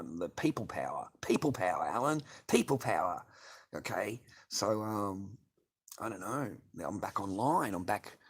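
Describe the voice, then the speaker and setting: A man's voice: low voice, slightly rough. A middle-aged man, hosting a casual livestream, reading and answering chat with constant swearing and sarcasm.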